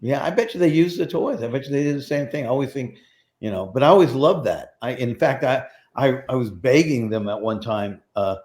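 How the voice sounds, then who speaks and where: A man's voice: medium pitch, animated, a little fast, a little mellow. A middle-aged man, a prop master, rambling through casual stories in an interview and acting out the voices of people he quotes.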